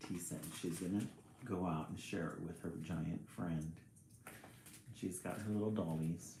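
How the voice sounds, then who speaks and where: A man's voice: low voice, mellow, a little hiss or hum. Chatty guy reading a kids' book on stream, laughs a lot, echoey room. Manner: chatty, laughs often, greets viewers. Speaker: storyteller and livestream host. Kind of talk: reading a picture book aloud on a livestream. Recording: roomy echo.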